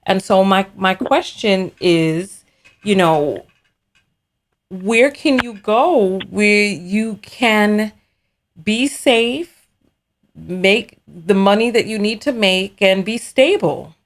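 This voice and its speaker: A woman's voice: mid-range voice, lively intonation, slow. A woman hosting an advice show, asking a caller direct, probing questions. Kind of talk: advice call-in conversation.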